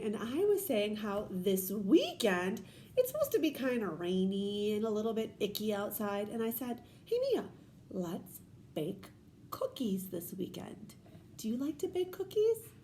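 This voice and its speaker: A woman teacher in her thirties, leading a children's read-aloud lesson in an animated, questioning and encouraging way. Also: mid-range voice, slight background noise.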